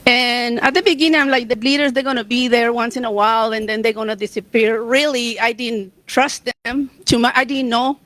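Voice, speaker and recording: Emotional woman, high voice. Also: fairly even intonation, brisk, few pauses, a bit bright, dry recording. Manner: emotional, near tears, laughs between memories. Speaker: striking union member on a panel. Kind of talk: personal storytelling on a panel.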